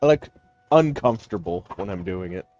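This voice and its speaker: A man narrating as game master in a tabletop game, explaining things haltingly with many fillers. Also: deep voice, lively intonation, darkish tone, dull audio, soft background music.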